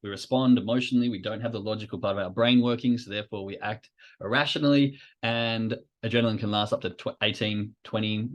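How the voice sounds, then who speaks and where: A man hosts an educational podcast and speaks in a relaxed, explanatory way. His voice sits somewhat low. His delivery is informal and peppered with fillers. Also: fast, lo-fi sound. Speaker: podcast host.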